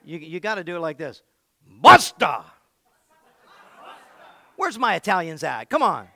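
A man preaching with a gravelly, bright, fairly high voice. He swings from quiet asides to sudden shouted lines and plays with the congregation. The sound is dry and close. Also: very animated, fast talker, no room sound. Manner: dramatic, shouting bursts, playful with the crowd. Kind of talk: sermon.

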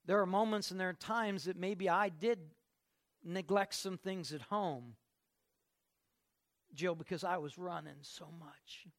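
An older man, a pastor, preaching a sermon in a folksy, conversational way, moving between soft asides and emphatic lifts. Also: sits high, measured pace, long pauses.

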